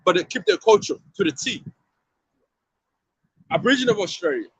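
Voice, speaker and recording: A man's voice: very high voice, big pitch swings, brisk, creaky, husky, no echo, rough recording. A man street preaching outdoors to a passer-by, emphatic and slangy, often repeating himself and asking if you see what he means.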